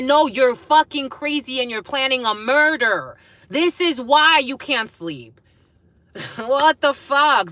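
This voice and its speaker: A woman's voice: fairly high pitch, pushed and bright, dry recording. A woman giving a collective spiritual reading to camera, blunt and profane, breaking off with laughs as messages come in. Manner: blunt, swearing, laughing asides. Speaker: tarot reader.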